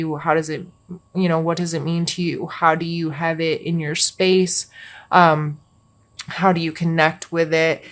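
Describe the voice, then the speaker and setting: A woman talks through a tarot card reading in a casual, unhurried way. Her voice sits a little low, and she drawls slowly, drifting from thought to thought with fillers along the way. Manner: gentle, meandering, with many fillers. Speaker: tarot reader.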